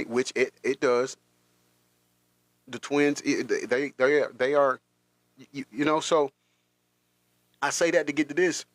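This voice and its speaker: Telling a personal story, this male podcast host sounds halting and emotional, restarting again and again. His mid-range voice keeps a fairly even intonation, and there's no room sound.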